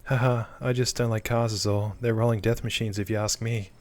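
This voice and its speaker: A man's voice: lowish voice, little pitch movement, fairly quick, a little mellow, close to an everyday voice. A man voicing a blunt, wry young female companion in a dry, casual tone while reading game dialogue aloud.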